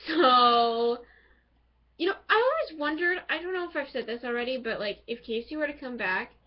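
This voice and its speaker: A woman casually reviewing a TV episode, excitable and rambling as she gushes over the characters. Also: sits high, normal speed. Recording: dull lo-fi home recording.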